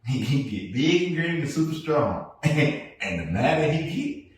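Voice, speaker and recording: A man co-hosting a podcast, chatting casually and telling stories, jumping between loud bursts and low asides. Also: sing-song, a little slow, a little hiss or hum. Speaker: podcast co-host. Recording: echoey room, mic at a distance.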